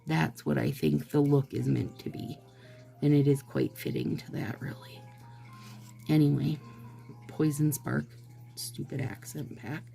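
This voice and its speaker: A woman's voice: sits low, steady tone, measured pace, gravelly, long pauses, warm tone, soft background music. A woman chatting casually to her viewers as she reviews nail products, with exasperated asides and talk aimed straight at the audience.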